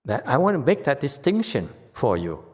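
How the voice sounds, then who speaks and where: A man giving an unhurried dharma lecture as a Buddhist teacher, often pausing to check in with his listeners. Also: mid-range voice, wildly swooping pitch. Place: temple hall. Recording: long hall reverb.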